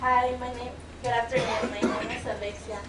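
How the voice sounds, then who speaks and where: A teenage girl from Mexico speaks, her tongue. She pleads earnestly and defiantly, near tears, her voice pitched high. The sound comes from a distance, with a roomy echo. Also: little pitch movement, normal speed, heavy background noise. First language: Spanish. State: close to tears. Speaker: student giving public comment. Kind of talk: emotional public testimony. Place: public board meeting room. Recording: echoey meeting room from far off.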